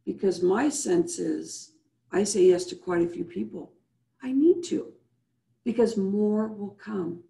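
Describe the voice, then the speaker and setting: A woman's mellow, gravelly voice comes over a video call, echoing in the room. She coaches her audience with repeated rhetorical questions and guides them through slow breaths. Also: mid-range voice. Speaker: host and business coach. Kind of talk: motivational show wrap-up with guided breathing.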